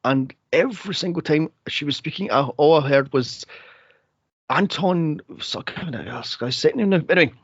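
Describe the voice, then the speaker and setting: A man's voice: a little high, fairly quick, breathy edge, no room sound. A man co-hosting a movie podcast, chatting animatedly with laughs and rambling asides. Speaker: podcast co-host. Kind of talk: casual movie review chat. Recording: dull lo-fi dry sound.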